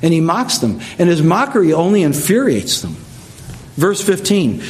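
A man's voice: sits high, sing-song, normal speed. A man preaching a verse-by-verse sermon, explaining the text in a conversational way with frequent asides to the listeners. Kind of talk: expository sermon.

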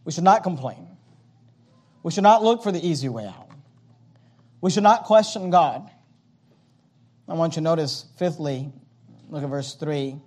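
A man preaching a sermon, reading King James scripture aloud and acting out the complaints of the people in animated voices. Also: a little high, unhurried, long pauses. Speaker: pastor.

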